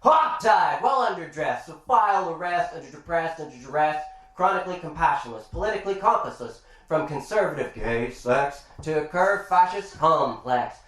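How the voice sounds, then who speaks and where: A man from Ireland performing spoken-word poetry and deadpan jokes at a live bar gig, with rapid rhyming delivery. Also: a little high, recorded from a distance. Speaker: poet and comedian. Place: bar function room. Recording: echoey live room.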